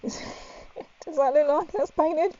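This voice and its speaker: A woman's voice: high-pitched, takes it slowly, very noisy. A woman chatting and giggling to her viewers as she paints miniatures on a live stream, her voice muffled by a helmet she is wearing. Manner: giggly, chatty, talks to viewers while working. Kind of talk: casual live-stream chat. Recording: dull lo-fi stream audio with faint music.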